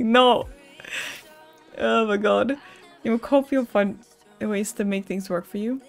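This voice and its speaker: A woman's voice: medium pitch, slow pace, gravelly, long pauses, soft background music. A woman streamer chatting candidly and emotionally with her viewers, swearing, laughing and reading their messages aloud. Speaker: Twitch streamer. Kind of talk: casual live-stream chat with viewers.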